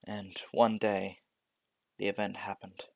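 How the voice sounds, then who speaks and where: A man's voice: lowish voice, little pitch movement, takes it slowly, creaky, a little mellow, no echo. Hesitant male storyteller. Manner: hesitant, many restarts and fillers. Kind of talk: casual fan-fiction narration.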